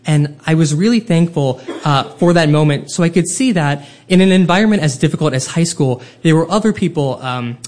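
A man telling a personal story live on stage, with comic, self-deprecating and animated delivery. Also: a little high, a little fast, hardly any pauses.

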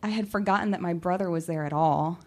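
A young adult woman telling a personal story, animated and acting out her own shouting. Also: fairly low pitch, fast. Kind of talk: personal story told to an audience.

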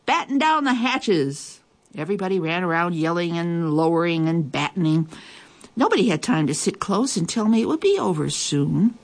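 Lively low-voiced woman reading a storybook. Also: fairly quick. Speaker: storybook reader. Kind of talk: reading a children's story aloud.

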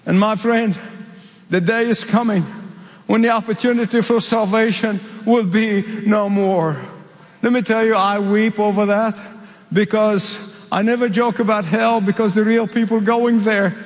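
A man from the Middle East delivers an emphatic sermon with a high voice, repeating his key phrases to drive them home. His words ring out with a long reverb, as in a large hall. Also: steady tone, a little slow. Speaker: preacher.

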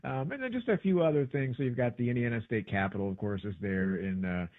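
A man casually chatting as a podcast co-host, rambling with lots of fillers and restarts, turning animated when excited. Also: mid-range voice, quick pace, no room sound. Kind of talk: casual travel chat. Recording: dry, tinny phone-like sound.

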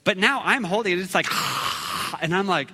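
Male preacher, high-pitched, animated storyteller, reverberant hall sound. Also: moderate pace, breathy edge. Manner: animated, acts out shouts and quotes, laughs at himself. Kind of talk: storytelling sermon.

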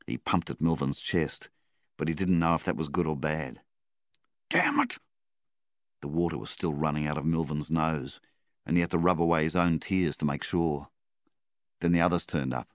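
A man with a very deep voice narrates a story at a calm, measured pace. The recording is close and dry, with no room sound. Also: no room sound. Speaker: story reader. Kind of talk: audiobook narration.

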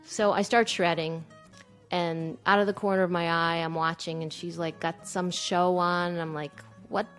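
A woman in her thirties telling a personal story, animated and breathless, acting out the lines she quotes. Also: fairly low pitch, moderate pace, soft background music.

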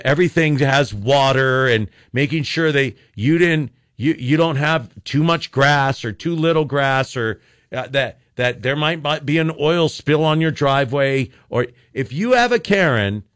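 A man's voice: mid-range voice, unhurried, fairly bright tone, smooth, no echo, studio quality. An older man, a talk radio host, ranting sarcastically and rambling with frequent restarts.

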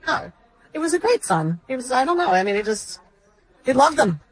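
A woman's voice: sits high, very animated, normal speed, breathy edge, poor audio. A middle-aged woman, a guest talking candidly and telling family anecdotes. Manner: chatty, candid, tells funny family anecdotes. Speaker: interview guest, widow. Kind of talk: conversational interview.

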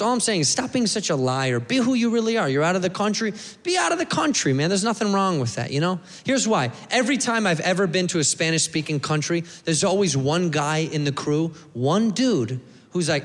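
On a comedy club stage, an American man performs a stand-up set, animated and profane, slipping into funny voices for the people he mimics. His voice is high and brisk, picked up by a live club mic in an echoey hall with audience noise and laughter.

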